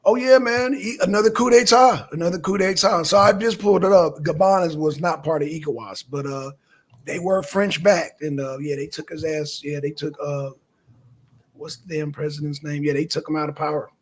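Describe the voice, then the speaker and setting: Brief: male host, casual news banter, needling, husky tone. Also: a little high, moderate pace. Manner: animated, needling, swears casually. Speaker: show host.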